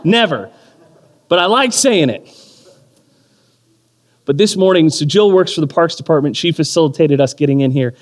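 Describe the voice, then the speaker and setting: Man, 30s, pastor; lively, self-mocking sermon storyteller, slightly high voice, long hall reverb. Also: moderate pace, pauses often. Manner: animated storytelling with self-deprecating humor. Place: church or community hall.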